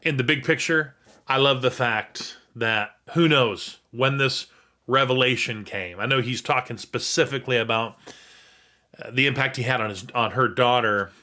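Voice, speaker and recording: An earnest male host comments on a video with heartfelt, rambling sincerity. His voice is bright and forward, at a middle pitch. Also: moderate pace. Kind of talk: faith reaction commentary.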